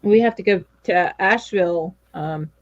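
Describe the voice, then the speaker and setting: A woman co-hosting a casual crochet live show over a video call, bubbly and animated, often apologizing. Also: lowish voice, moderate pace, no room sound, muffled recording. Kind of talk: casual chat.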